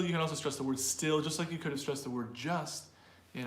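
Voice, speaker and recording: A man co-hosting an English pronunciation lesson, repeating example phrases slowly and explaining word stress in a relaxed way. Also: a little high. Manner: slow, drawn-out repetition of example phrases. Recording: roomy with faint noise.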